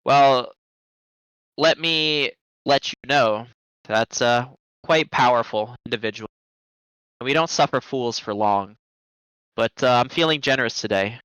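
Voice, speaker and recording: A man playing a smooth-talking adventurer who calmly bluffs a group of bandits. His voice is bright and crisp and is recorded close in a dry room. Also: medium pitch, measured pace, long pauses, dry recording, dull audio, natural voice. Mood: persuasive.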